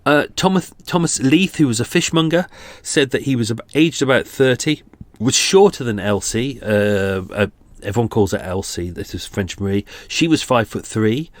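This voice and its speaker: A British man in his forties talks through a true-crime case, chatty and self-deprecating, stopping for asides as he goes. His voice sits at a middle pitch, recorded dry and close with no room sound. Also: lively intonation, moderate pace, no room sound. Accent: British English. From England. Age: 40s. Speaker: podcast host. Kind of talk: casual true-crime podcast narration.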